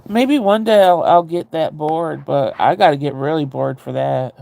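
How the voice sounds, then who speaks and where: Gravelly man chatting casually. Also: a little high, normal speed, a little mellow, dry recording. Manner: rambling, candid, laughs easily. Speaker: streamer chatting with viewers. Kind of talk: casual chat.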